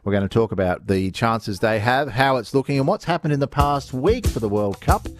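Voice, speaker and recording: A man's voice: medium pitch, expressive, fairly quick, over music. A man with an Australian accent hosting a casual talkback radio show, joking and reading out listener messages. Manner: jokey, laughs often, reads listener texts. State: has the hiccups. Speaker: radio host. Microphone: studio microphone.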